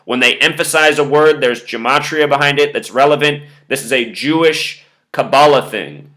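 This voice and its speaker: Male host delivering a step-by-step lecture to camera; bright, sharp voice. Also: mid-range voice, moderate pace. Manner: lecturing, spelling out numbers step by step. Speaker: video host. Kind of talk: monologue commentary to camera.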